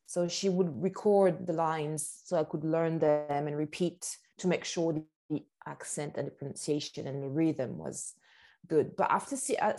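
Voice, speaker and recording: A woman with a French accent, an actress chatting as an interview guest, animated and laughing easily. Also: lowish voice. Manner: animated, sing-song emphasis, laughs easily. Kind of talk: casual interview chat.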